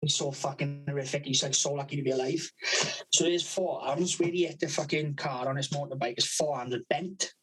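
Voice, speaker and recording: A man's voice: on the high side, fairly even intonation, brisk, a bit bright, husky, rough recording. A man telling a long funny story in casual chat, swearing constantly and laughing at his own tales. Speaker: podcast co-host.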